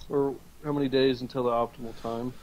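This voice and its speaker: A man's voice: mid-range voice, flat delivery, fast talker, darkish tone, lo-fi sound. A man playing in a casual tabletop game, brash and joking, swearing freely. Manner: brash, swears a lot, jokey. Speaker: player.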